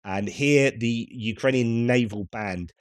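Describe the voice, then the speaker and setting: A man's voice: medium pitch, slow pace, no echo, clean studio sound. A middle-aged man from the United Kingdom giving casual news commentary in a conversational way, with wry asides.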